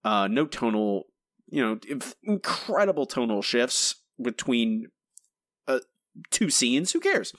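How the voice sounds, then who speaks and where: A man's voice: medium pitch, lively intonation, slow pace, fairly bright tone, dry recording, clean studio sound. A man co-hosting a podcast, talking in an exasperated, rambling way with frequent restarts. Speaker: podcast co-host. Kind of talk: casual review chat.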